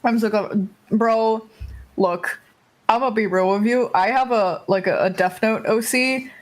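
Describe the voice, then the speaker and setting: A woman's voice: fairly high pitch, unhurried. A woman from Germany streaming a visual novel, chatting casually with lots of giggles and fillers. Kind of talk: casual chat while playing a visual novel.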